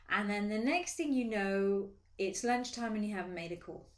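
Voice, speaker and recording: A woman's voice: mid-range voice, moderate pace, hardly any pauses. Woman coaching in an echoey office. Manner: lively, acts out inner voices. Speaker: sales coach. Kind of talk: casual motivational talk to camera. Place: her office.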